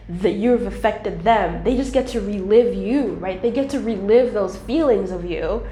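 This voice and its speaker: A woman giving a casual tarot reading, chatty and animated, swearing and laughing as she talks. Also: medium pitch, echoey room. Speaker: tarot reader.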